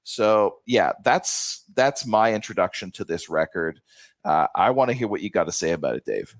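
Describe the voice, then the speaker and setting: An eager man co-hosting a podcast, his speech loose and peppered with "like" and swearing. His voice sits on the lower side. The sound is dry and close-miked. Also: very animated, moderate pace, no room sound. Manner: enthusiastic, swears casually, heavy use of "like". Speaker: podcast co-host. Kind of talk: casual review chat.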